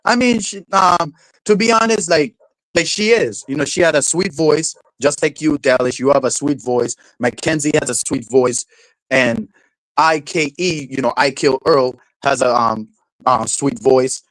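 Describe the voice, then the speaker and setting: A man rants in a rambling livestream, repeating words, leaning heavily on fillers like "like" and "you know," swearing casually and laughing often. His voice is mid-range and fairly bright, at a measured pace. The recording is dry and low in quality.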